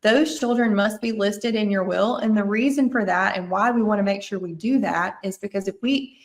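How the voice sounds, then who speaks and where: A woman's voice: medium pitch, moderate pace. Earnest woman with a Mississippi accent. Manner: earnest, explanatory, restates points. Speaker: estate planning attorney, guest. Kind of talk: podcast interview, explaining.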